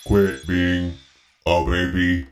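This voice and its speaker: Man, very deep voice, drawn-out slow delivery, laid-back, teasing, faint music behind. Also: level tone. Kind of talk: casual comedic chat.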